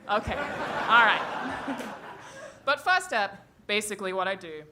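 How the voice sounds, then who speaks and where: A woman's voice: mid-range voice, lively intonation, slow pace, background noise. A woman doing a stand-up comedy set on stage into a handheld mic, brash and profane, laughing at her own jokes. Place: comedy stage before a live audience.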